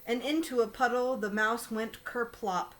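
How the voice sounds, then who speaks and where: Storytime reader, woman, slightly high voice, lively rhyming read. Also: a little slow, a little hiss or hum. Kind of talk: reading a children's picture book aloud.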